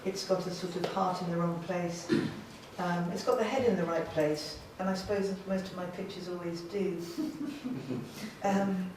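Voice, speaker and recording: A woman's voice: fairly low pitch, fairly even intonation, moderate pace, a little mellow, recorded from a distance, a little hiss or hum. Chatty woman in an echoey gallery. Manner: chatty, enthusiastic, self-deprecating, with laughs and restarts. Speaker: artist giving a gallery talk. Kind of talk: informal gallery talk to an audience. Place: gallery talk space. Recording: very echoey room, voice from afar.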